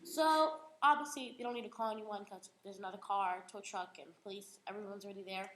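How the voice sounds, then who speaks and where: A teenage girl retelling a story aloud in an animated, giggly way, full of "like". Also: medium pitch, brisk. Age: teens. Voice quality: giggly, lots of "like". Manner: animated, acts out the voices. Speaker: young storyteller. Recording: echoey room with faint noise.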